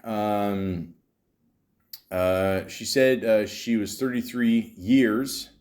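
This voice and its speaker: A man's voice: fairly low pitch, drawn-out words, darkish tone. A man hosting a comedy podcast, ranting in exasperation and stammering often. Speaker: podcast host. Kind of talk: comedic commentary.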